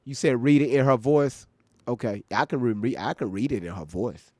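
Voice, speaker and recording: Male stream host, casual, blunt and profane, average pitch, dry close sound. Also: animated, moderate pace, warm tone, dry recording. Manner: blunt, profane, talks straight to chat. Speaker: livestream reaction host. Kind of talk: casual livestream chat.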